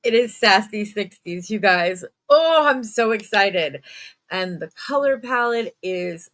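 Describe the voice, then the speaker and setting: A woman's voice: mid-range voice, expressive, takes it slowly, fairly bright tone. A woman with a stuffed-up voice hosting a casual bead unboxing, chatty with frequent ums and little self-mocking laughs. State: stuffed up, lower energy. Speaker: beading channel host.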